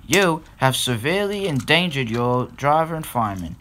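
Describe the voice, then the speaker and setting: A man's voice: fairly high pitch, very animated, normal speed, a bit bright, slight background noise. A man voicing a stern, stiff and formal male railway boss in a fan-made storybook reading.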